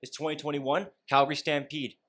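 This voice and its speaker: A man's voice: a little high, little pitch movement, brisk, a bit bright. Joking young man. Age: 20s. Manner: rambling, joking, swears freely. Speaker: podcast co-host. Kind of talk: casual chat.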